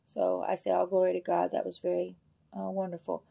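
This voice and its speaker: A woman giving a casual spoken introduction, slow and deliberate with hesitations. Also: lowish voice, completely flat delivery, creaky, dark tone.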